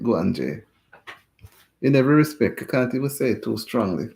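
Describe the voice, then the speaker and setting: A man talks to his livestream viewers from home in a loose, rambling way. He circles back over the same points, indignant, repeating phrases. His voice sits at an ordinary pitch with a warm, mellow tone. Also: expressive, moderate pace, vocal fry. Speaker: host of a livestream chat. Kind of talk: casual livestream talk.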